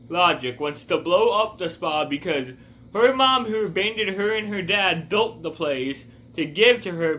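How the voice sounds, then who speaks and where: A man's voice: fairly high pitch, a bit bright, a little hiss or hum. A man talking casually in a rambling review, wandering off on tangents. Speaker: video reviewer.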